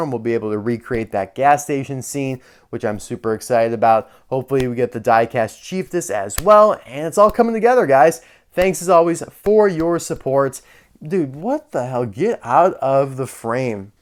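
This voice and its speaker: A man's voice: medium pitch, clean tone. Chatty young man reviewing toys. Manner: chatty, openly annoyed at poor quality. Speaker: toy reviewer. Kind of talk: casual toy review vlog.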